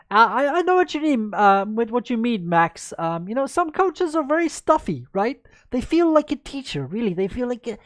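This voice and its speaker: A woman's voice: fairly high pitch, big pitch swings, moderate pace, dry recording, clean studio sound. A woman chess coach in a livestreamed lesson, chatty and upbeat, answering viewers by name as she goes through moves.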